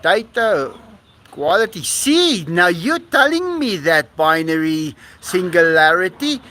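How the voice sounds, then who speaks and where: A man, talking in a high, swooping voice at an unhurried pace. He gushes warmly over his viewers and breaks into laughter often. It is a casual live-stream chat recorded outdoors on a rooftop. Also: sing-song. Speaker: live-stream host reading donations.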